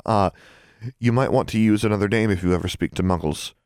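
A man's voice: fairly low pitch, brisk, a little mellow, clean tone, dry recording, voice pushed up, natural voice. A man voicing a young witch with a dry, sarcastic, blunt way of speaking. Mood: dry, wry. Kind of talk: audiobook character voice.

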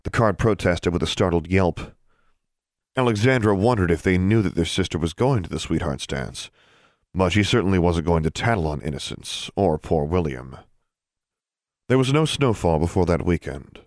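A man reading an audiobook in steady, measured narration. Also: low voice, no room sound, clean studio sound. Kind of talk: scripted narration.

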